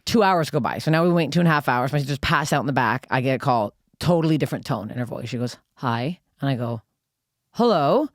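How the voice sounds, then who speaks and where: A young adult woman from Canada telling a story on a podcast in a fast, profane, animated way. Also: extremely low pitch, dry recording, studio quality. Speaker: podcast co-host. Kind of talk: casual storytelling chat.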